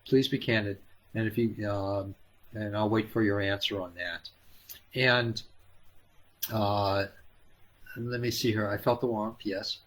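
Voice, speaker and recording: A fairly low-voiced man leading a live-stream healing session. He speaks gently and haltingly, pausing often with fillers, and coaxes viewers by name. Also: steady tone. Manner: coaxing, addresses viewers by name and calls them hon. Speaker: spiritual healer hosting a live Q&A.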